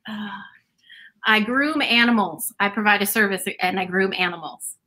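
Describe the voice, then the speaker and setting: A woman's voice: medium pitch, normal speed, pushed and bright, poor audio. A woman hosting an interview, talking casually and agreeably with plenty of fillers. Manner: agreeable, casual, lots of "like" and "yeah". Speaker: host. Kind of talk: conversational interview.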